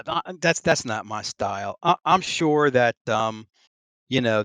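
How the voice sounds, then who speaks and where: A middle-aged man talking over an online voice call with a dry, close sound. He wanders through a long casual story, stopping for ums and small laughs. His voice sits at an ordinary pitch. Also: fairly bright tone, no room sound. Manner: rambling, full of ums and restarts, laughs between phrases. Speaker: Navy veteran guest.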